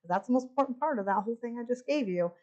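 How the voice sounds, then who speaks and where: Animated woman telling church stories. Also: a little high, rapid-fire, muffled recording. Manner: lively storytelling, acting out dialogue. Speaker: retreat speaker. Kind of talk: testimony talk at a women's retreat.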